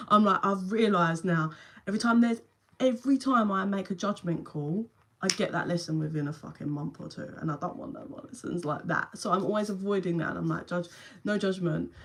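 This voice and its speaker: A young woman with a London accent reads tarot live on her phone for her viewers. She talks in a loose, chatty way, calls people by name and drops the odd swear word. Her voice sits at a middle pitch for a woman. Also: brisk, a bit bright. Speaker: tarot reader. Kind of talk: live-stream reading to viewers.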